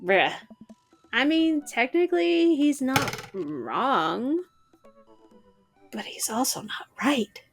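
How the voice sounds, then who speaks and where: A woman's voice: high-pitched, very animated, takes it slowly, pauses often, music in the background, pitched above the performer's own voice, full character voice. A woman voicing an awkward, self-mocking single father who tells stories with disbelief. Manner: incredulous, exclamatory storytelling.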